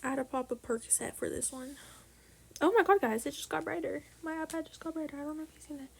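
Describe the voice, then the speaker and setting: A woman's voice: high voice, fast, vocal fry, darkish tone. A young woman tutoring math casually, chatty and profane, often dropping to a whisper while she works out numbers. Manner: chatty, swears, slips into whispers while calculating. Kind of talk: casual tutorial over a tablet screen.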